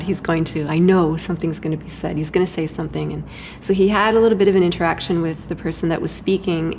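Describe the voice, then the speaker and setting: A woman with a low voice speaks as an interview guest. Her reflective talk is hesitant, full of fillers and restarts, with a faint hiss of noise behind her. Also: a little mellow. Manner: hesitant, many fillers and restarts, laughs often.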